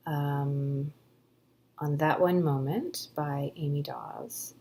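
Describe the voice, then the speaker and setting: Low, gravelly-voiced woman author. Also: darkish tone. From Pacific Northwest US. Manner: enthusiastic, chatty, frequent ums. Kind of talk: casual Q&A answers.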